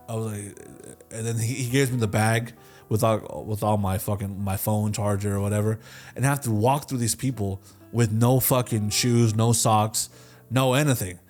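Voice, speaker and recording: A man in his twenties talks through a story on a podcast, loose and casual, with swearing, "like" and false starts. He slips into quick imitations of the other people in his stories. Faint music plays underneath. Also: on the low side, darkish tone. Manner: loose and profane, full of fillers and restarts. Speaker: podcast co-host answering listener questions.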